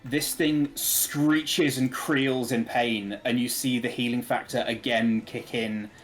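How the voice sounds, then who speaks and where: A man narrating a tabletop game as game master, relaxed and hesitant, with many filler words. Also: medium pitch, slow pace, faint music behind. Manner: relaxed, hesitant with frequent ums.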